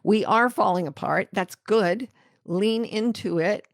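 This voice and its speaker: A middle-aged American woman hosting a live talk, reading viewer questions and a poem in a gentle, reflective way. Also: medium pitch, takes it slowly, creaky, no echo, studio quality. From United States. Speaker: host answering viewer comments.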